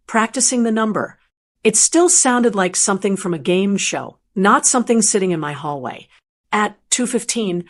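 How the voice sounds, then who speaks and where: A woman narrating a scripted first-person story in a gentle, earnest storytelling manner. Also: mid-range voice.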